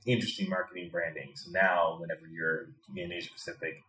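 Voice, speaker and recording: A man's voice: low-pitched, little pitch movement, fast, pushed and bright. A man from Chicago, an expat in Thailand, talking through his ideas thoughtfully as an interview guest and often repeating words while he builds a point. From Chicago, USA. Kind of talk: reflective conversational interview. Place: indoor room in Bangkok. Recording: echoey room.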